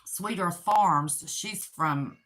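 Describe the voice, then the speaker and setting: This livestream host is a tired, talkative middle-aged woman from Southern West Virginia with a distinctive accent. Her voice is fairly low and fairly bright, and she speaks very slowly while rambling casually and reading viewer comments out loud.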